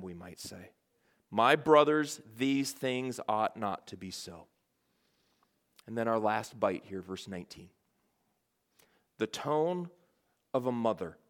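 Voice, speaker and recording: A man's voice: medium pitch, fairly bright tone. A middle-aged man, a pastor, preaching a sermon in an earnest way, repeating phrases for emphasis.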